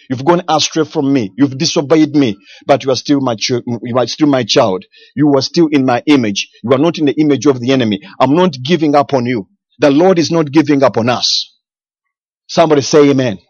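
A man's voice: mid-range voice, a little fast, no room sound, dull audio. A man preaching a sermon with fervent emphasis and repeated phrases.

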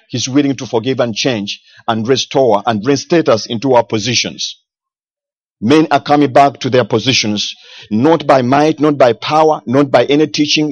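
A man's voice: medium pitch, no room sound. Fervent male preacher, dull dry sound. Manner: fervent, repeating phrases for emphasis. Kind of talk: sermon.

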